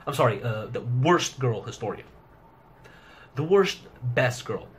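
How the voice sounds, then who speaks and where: A man's voice: medium pitch, animated, unhurried. A young man giving a rambling casual review of a manga chapter, swearing heavily and laughing often. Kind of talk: casual commentary.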